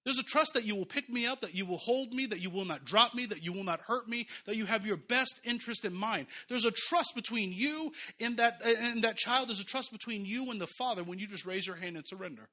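A man's voice: high voice, brisk, hardly any pauses, sharp tone. A man preaching a sermon in a church, talking conversationally with chuckles and repeated phrases. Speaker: pastor.

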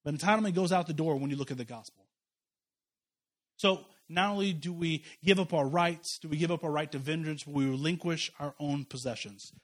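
A man's voice: a little high, brisk. A man preaching a conversational sermon as a pastor, impassioned and emphatic, often restarting his sentences.

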